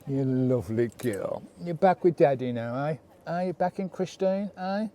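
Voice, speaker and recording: A man's voice: on the high side, animated, normal speed, warm tone. A British man vlogging casually from his camper van at a campsite, chatty and doting as he talks to his dog. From United Kingdom. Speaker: vanlife vlogger. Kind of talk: casual vlog chat.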